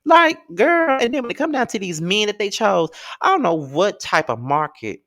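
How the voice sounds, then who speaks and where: A man dishing on a reality show in a loose, gossipy recap, his pitch swinging widely as he goes from flat asides to exasperated peaks. He talks bluntly, swears freely and drops sassy asides, close to the mic in a dry, dead sound. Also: moderate pace, no room sound. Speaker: TV recap host.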